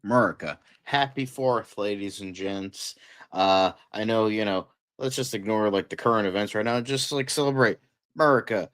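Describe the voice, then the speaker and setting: A man's voice: fairly low pitch, moderate pace, fairly bright tone, smooth. A man co-hosting a casual fan show, laid-back and blunt, swearing casually. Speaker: co-host. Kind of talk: casual podcast chat.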